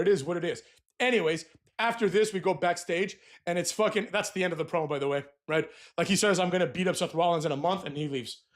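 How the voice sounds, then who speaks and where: Guy with a higher voice trashing wrestlers, sweary ranty recap. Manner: crude, mocking, ranting, mimics wrestlers in whiny voices. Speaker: wrestling commentator. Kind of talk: profane wrestling recap rant.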